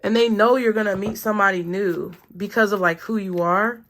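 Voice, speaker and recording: A woman's voice: medium pitch, steady tone, brisk, a bit bright. A woman giving a casual collective tarot reading, thinking aloud in a chatty way with lots of fillers. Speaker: tarot reader.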